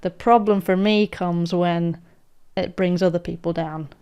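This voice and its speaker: A woman in a casual podcast chat, with a fairly low-pitched voice that sounds very smooth and clear. She explains her point earnestly and thoughtfully, acting out quick imagined reactions from other people. The delivery is conversational. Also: steady tone, darkish tone.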